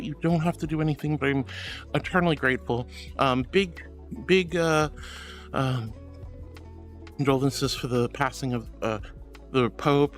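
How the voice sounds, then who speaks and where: A man streaming live, reading chat messages one by one in a gentle, affectionate way, calling viewers sweetie and honey with hesitant fillers. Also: on the high side. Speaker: VTuber streamer. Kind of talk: casual livestream chat reading.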